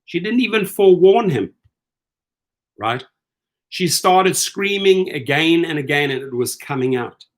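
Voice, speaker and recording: A man's voice: a little high, measured pace. A middle-aged man hosting rideshare commentary in a casual, incredulous rant, acting out the people he quotes. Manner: animated, incredulous, acts out quoted lines.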